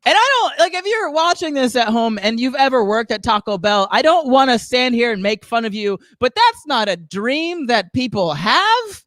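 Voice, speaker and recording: A man's voice: very high-pitched, big pitch swings, measured pace, a bit bright, dry recording, studio quality. A man from the Southern US doing a rambling stand-up comedy set, chuckling at his own jokes. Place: comedy show studio.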